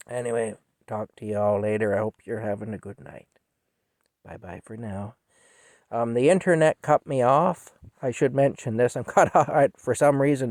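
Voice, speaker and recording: A middle-aged man tells a personal story in a halting, rambling way that turns emotional. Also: fairly low pitch, a little mellow, no room sound, studio quality. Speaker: vlogger telling a personal story. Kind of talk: casual storytelling monologue.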